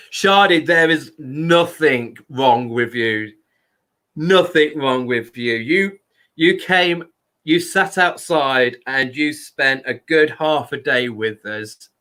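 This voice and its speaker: A man hosts a live stream in a loud, chatty voice. He speaks slowly and unhurriedly, as if chatting with friends. His pitch sits in a middle range. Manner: unhurried, chatty, talks to viewers by name. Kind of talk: casual live stream talk.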